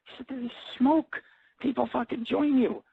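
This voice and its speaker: A man's voice: very high voice, fairly even intonation, normal speed, gravelly, breathy edge, no echo. Blunt, foul-mouthed man on tinny radio. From grew up in an Italian-American family. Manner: blunt, rambling, swears constantly. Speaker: internet radio host. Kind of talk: profane casual monologue.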